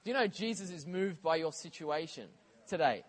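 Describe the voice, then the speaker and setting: A man preaching a sermon in a conversational, animated way, with casual asides to the congregation. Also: fairly high pitch, normal speed.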